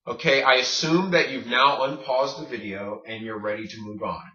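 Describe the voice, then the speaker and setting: A man teaching a recorded Spanish pronunciation lesson, saying words slowly and repeating them. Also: medium pitch, sharp tone. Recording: echoey room, distant dull mic.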